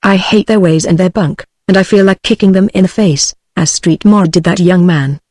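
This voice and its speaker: A woman's voice: on the low side, moderate pace, dry recording, clean studio sound. Synthetic British woman reading a novel. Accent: British English. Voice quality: even machine-read delivery that reads punctuation aloud. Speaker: audiobook narrator. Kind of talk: synthetic text-to-speech book reading.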